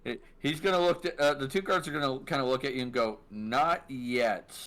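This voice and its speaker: A man narrating a tabletop role-playing game as dungeon master, relaxed, with fillers and laughs. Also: a little high, quick pace.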